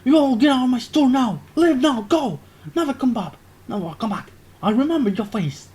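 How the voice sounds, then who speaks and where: A man's voice: very high-pitched, expressive, normal speed, darkish tone, pitched above the performer's own voice. A man voicing an angry male corner-shop owner who bellows indignantly. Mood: furious.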